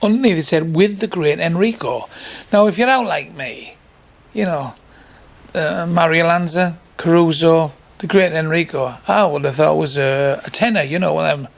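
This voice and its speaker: Older male comic, raspy and gravelly, telling a crude anecdote in a pitched-up voice. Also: normal speed. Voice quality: gravelly, husky. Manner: crude, rambling anecdote with sound effects and voices. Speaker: stand-up comedian. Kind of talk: stand-up storytelling.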